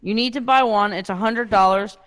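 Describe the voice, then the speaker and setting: A young man telling stories in casual chat, animated and full of swearing. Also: high voice, a little fast, clean tone. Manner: animated storytelling, heavy swearing.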